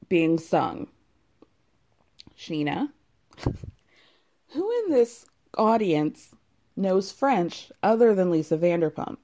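Woman host, warm mellow tone, chatty and opinionated. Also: medium pitch. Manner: opinionated, gossipy, laughs often. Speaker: host recapping a reality show. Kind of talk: casual chatty commentary.

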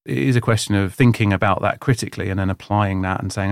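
A man's voice: lowish voice, fast, creaky, hardly any pauses, clean tone, dry recording, clean studio sound. A man who lectures in history, answering interview questions in a thoughtful, explanatory way.

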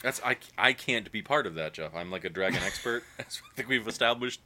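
A man in his thirties co-hosting a podcast, trading sarcastic, deadpan jokes in casual banter and laughing often. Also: on the low side, brisk. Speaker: podcast co-host.

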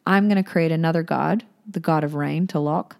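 A woman's voice: deep voice, fairly quick, vocal fry, a little mellow. Woman voicing a laid-back crop god. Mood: easygoing. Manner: casual, easygoing, slangy. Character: laid-back male god of crops, peacemaker.

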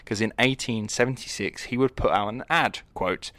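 A man's voice: mid-range voice, normal speed, fairly bright tone, dry recording. A young man co-hosting a podcast in casual, jokey chat, rambling and acting out quoted lines. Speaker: podcast co-host.

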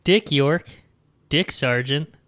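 A man's voice: a little high, slow, a bit bright, dry recording, studio quality. A man co-hosting a podcast, dropping wry jokes and questions during casual chat. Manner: wry, joking asides and questions. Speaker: podcast co-host.

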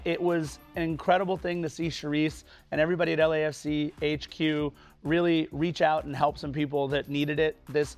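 A man co-hosting a soccer talk show, earnestly thanking people. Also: a little high. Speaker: co-host. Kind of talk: casual sports chat.

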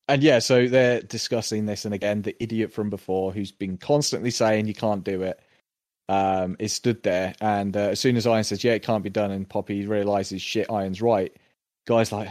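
A man's voice: lowish voice, fairly even intonation, moderate pace, darkish tone, dry recording. Male co-host, casual rambling recap, dry close sound. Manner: rambling, acts out characters' lines. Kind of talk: casual chat recapping a TV episode.

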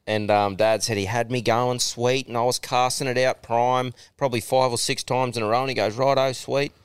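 Crisp-voiced Australian bloke telling stories. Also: male voice, medium pitch, flat delivery, fairly quick, dry recording. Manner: swears freely, laughs often, tells stories. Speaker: podcast co-host. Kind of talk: casual chat.

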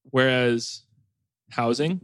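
A man in his late twenties hosts a casual podcast chat, rambling through animated stories and leaning on "like" as a filler. His voice sits in an ordinary middle range. The sound is dry and close, with no room in it. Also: mid-range voice, extremely slow, no echo. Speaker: podcast host.

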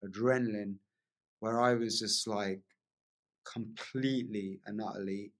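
A man telling a long personal story as a podcast guest, in a lively casual way, often asking "right?" along the way. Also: lowish voice, unhurried. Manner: animated storyteller, frequent "like" and "right?" tags.

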